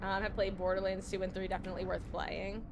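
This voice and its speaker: Young woman streamer, worn out from too little sleep, rambling and giggling; mid-pitched voice, faint hum behind. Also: level tone, quick pace. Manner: rambling, giggly, self-deprecating. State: sleep-deprived, yawning. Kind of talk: casual gaming stream chat.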